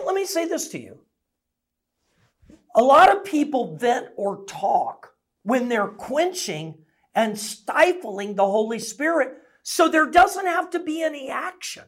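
Middle-aged male pastor, sermon delivery, lively swooping voice, casual storyteller with a self-mocking streak. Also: very high-pitched. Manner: conversational storytelling, self-deprecating humor.

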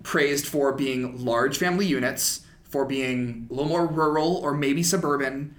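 A man's voice: mid-range voice, a little slow, reverberant. A man co-hosting a podcast, talking in an earnest, reflective way with hesitant restarts. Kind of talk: casual chat.

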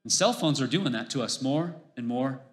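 A man's voice: mid-range voice, expressive, normal speed. A middle-aged man preaching a sermon as pastor, conversational and emphatic, repeating phrases for emphasis.

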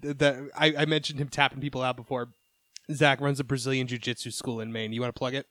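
A man's voice: medium pitch, level tone, fast talker, pushed and bright, dry recording. A man hosts a podcast and keeps his guests talking with jokes and questions. His voice sounds dry and close. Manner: joking, prompting questions. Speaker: podcast host. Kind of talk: interview chat.

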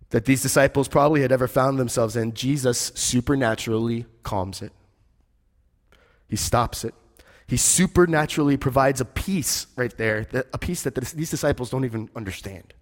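A male pastor preaching a conversational sermon, telling the story with animation and dropping quiet for emphasis. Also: mid-range voice, moderate pace, long reverb tail.

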